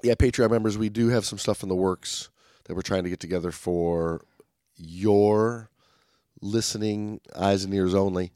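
A man's voice: fairly low pitch, fairly even intonation, normal speed, warm tone, no room sound, studio quality. A man co-hosting a podcast in casual chat, rambling and upbeat with lots of fillers and restarts. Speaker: podcast co-host.

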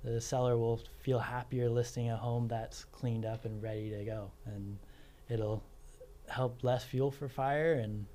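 A man's voice: mid-range voice, fairly even intonation, a little slow, mellow, a little hiss or hum. A man who runs a hauling business, a guest on a radio show, explaining things in a plain, matter-of-fact way. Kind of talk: casual radio interview.

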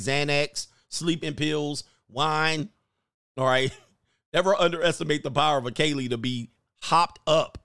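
A man's voice: fairly high pitch, gravelly, no room sound, clean studio sound. A man hosting a casual livestream, joking and reading news stories aloud in slangy talk. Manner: loud, joking, slangy, reads articles aloud. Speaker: livestream host.

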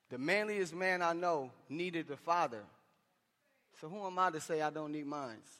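A man with a high voice preaches a sermon, speaking in an impassioned, conversational way with slangy asides. His voice carries through a large church hall, trailing a long reverb behind every phrase. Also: a bit bright.

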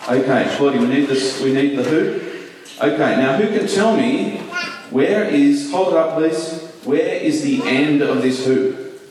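A man giving a children's talk in church, asking questions and telling the story with lively energy. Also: mid-range voice, unhurried. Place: large church hall. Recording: echoey hall, mic at a distance.

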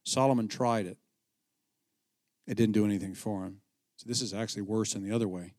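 A middle-aged man, a pastor, preaching a conversational sermon with animated storytelling and frequent restarts. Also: fairly low pitch, brisk, no echo, clean studio sound.

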